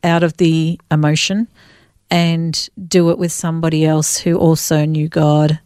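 A woman's voice: low-pitched, level tone, a little slow, a little mellow, clear, resonant tone, no room sound, studio quality. A woman hosting an interview, reflecting back on what her guest says in an affirming way. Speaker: host.

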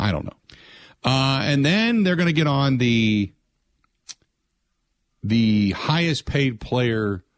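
Animated male sports radio host. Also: no room sound. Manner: animated, mocks others in high put-on voices. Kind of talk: casual sports talk radio.

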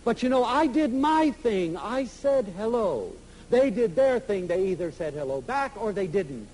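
High, lively-voiced man giving an animated lecture. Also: a little slow, few pauses, slight background noise, rough recording. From United States. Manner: animated, emphatic, acts out little dialogues. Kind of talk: inspirational public lecture.

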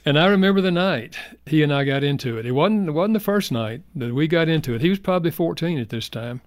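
An older man, a guest author, telling personal stories in an earnest, heartfelt way, going soft in emotional moments. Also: on the high side, expressive, fast talker, no echo. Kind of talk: reflective personal storytelling.

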